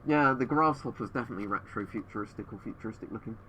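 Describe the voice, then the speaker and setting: A man's voice: fairly low pitch, quick pace, pushed and bright, a little hiss or hum. A man streaming from home over a webcam, answering viewers in a rambling way, his voice muffled through a gas mask. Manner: rambling, thinking aloud with fillers.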